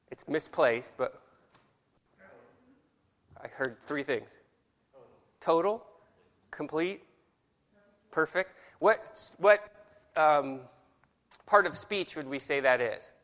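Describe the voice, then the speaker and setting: A man's voice: on the high side, bright, forceful tone, long reverb tail. Casual man teaching a Bible class. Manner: casual, self-deprecating, reads verses aloud with exaggerated inflection.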